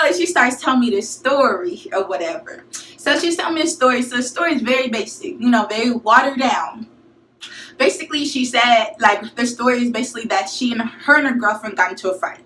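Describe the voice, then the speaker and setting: A young woman from St. Louis telling a college story to her viewers in a casual, slangy, animated way. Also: a little high, brisk, a little hiss or hum. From St. Louis, USA. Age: young adult. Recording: echoey room, mic at a distance.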